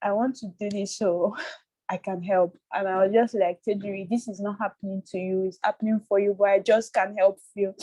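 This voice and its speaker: A woman from Nigeria talks on a video call, and she keeps stopping and restarting as she gets tearful. Her voice sits at an ordinary middle pitch. The sound is dry and close, with no room echo. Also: level tone, mellow. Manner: halting, tearful, many restarts. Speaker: workshop participant. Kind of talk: emotional personal sharing on a video call.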